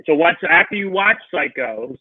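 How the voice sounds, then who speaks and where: A man co-hosting a podcast, telling stories in an animated way with stumbling restarts. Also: a little high, normal speed, no room sound. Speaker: podcast co-host. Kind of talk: casual chat. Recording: dry tinny phone-like line.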